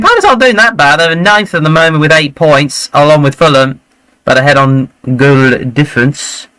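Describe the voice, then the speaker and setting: A man hosting a live football watchalong, chatting and reacting excitedly to the play. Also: mid-range voice, poor audio. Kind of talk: live match commentary and chat.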